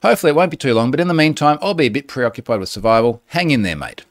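A man's voice: mid-range voice, animated, racing, pitched above the performer's own voice, lightly acted. A man voicing a breezy adult Australian bushman in a put-on Australian accent, with a breathless, exaggerated storytelling manner.

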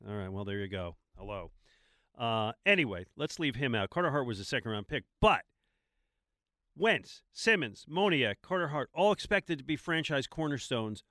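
A man's voice: medium pitch, animated, fairly quick, fairly bright tone, no echo, studio quality. A man co-hosting a sports talk show, posing questions in casual chat with a wry manner and frequent restarts. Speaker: sports radio co-host.

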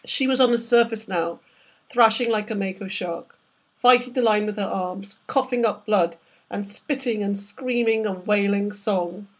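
A woman, the author, reading aloud from her novel in steady, measured narration. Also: medium pitch, rough recording. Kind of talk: book reading.

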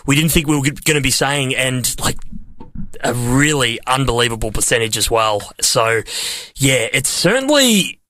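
A man's voice: mid-range voice, lively intonation, normal speed, bright, forceful tone, slight background noise. A young Australian man co-hosting a casual sports radio show in a studio, joking around and laughing often. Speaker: co-host.

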